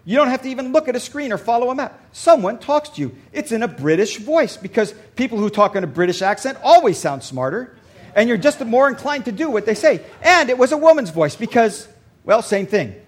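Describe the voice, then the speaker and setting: A male pastor preaching a sermon, telling a story and dropping to a soft voice for emphasis. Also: extremely high pitch, sing-song, a little fast. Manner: storytelling, varies loudness for emphasis.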